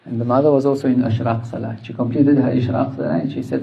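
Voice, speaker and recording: A man with a gravelly voice of middling pitch teaches a religious lesson. He tells the stories at a measured pace and slips into quoted dialogue along the way. The recording sounds dull and lo-fi. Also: steady tone.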